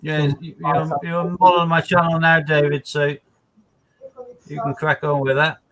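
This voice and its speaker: Male co-host on a casual live stream, a touch high-pitched, rambling, talky. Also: flat delivery, measured pace, a bit bright, low-quality recording. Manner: chatty, rambling, indignant asides.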